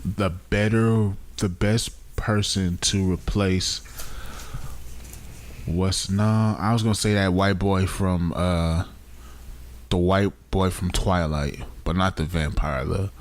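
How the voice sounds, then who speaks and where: A young man with a very deep voice co-hosts a podcast in loose, casual chat. He jokes around, laughs often and throws out blunt opinions. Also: steady tone, slow pace. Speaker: podcast co-host.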